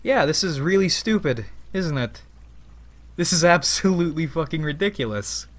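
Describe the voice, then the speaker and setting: A man's voice: a little high, lively intonation, moderate pace, a bit bright. A man voicing his own personified ego as a taunting, mocking male figure that coaxes and teases. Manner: taunting, coaxing.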